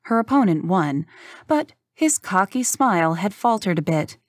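A woman reads an audiobook aloud in an even, measured narrative style. Her voice is mid-range, and the recording is dry.

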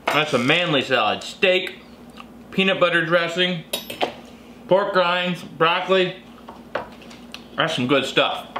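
Chatting to camera at lunch with his family, a survival vlogger and channel host teases playfully and laughs a lot. His voice is a little high, and the room is echoey with noise in the background.

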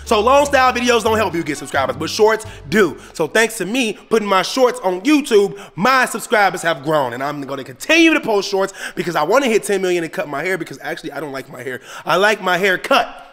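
Loud playful dad vlogger, high voice. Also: male voice, animated, fairly quick. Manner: loud, playful, dramatic pleading. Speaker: family vlogger. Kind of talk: casual family vlog.

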